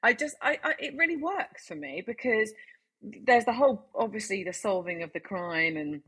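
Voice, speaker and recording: A woman's voice: medium pitch, expressive, moderate pace, breathy edge. A woman co-presenting a casual TV review, talking enthusiastically with frequent restarts. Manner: hesitant, many restarts, warm enthusiasm.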